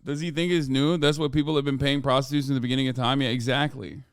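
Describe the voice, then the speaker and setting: A man's voice: medium pitch, fairly even intonation, fast, smooth, no room sound, studio quality. A man streaming a casual reaction commentary, ranting in an exasperated, profane way.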